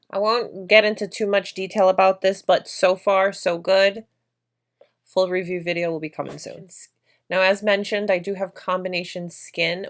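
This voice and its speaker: A woman vlogger narrating her makeup routine in a chatty, effusive way, gushing over products. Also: medium pitch. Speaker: beauty vlogger.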